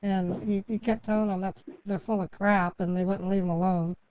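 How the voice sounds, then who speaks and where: Stammering woman with a mellow voice. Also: medium pitch, steady tone, clean tone, poor audio. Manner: halting, stammering, full of fillers and restarts. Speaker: scambaiter posing as a victim. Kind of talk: rambling phone call.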